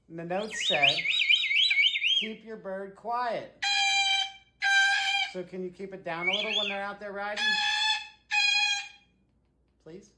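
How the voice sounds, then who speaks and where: A man at home talking to his pet parrot in a playful, mock-scolding way, as in a casual pet video. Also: sits high. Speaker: parrot owner. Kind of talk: casual chat to a pet bird. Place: home, indoors. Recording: echoey room with loud background noise.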